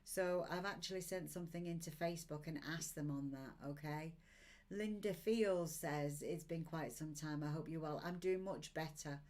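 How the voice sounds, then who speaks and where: On a live stream, a woman in her sixties reads oracle cards, cheerfully encouraging viewers and reading their comments aloud. Her voice is low-pitched and darkish, at a normal speed.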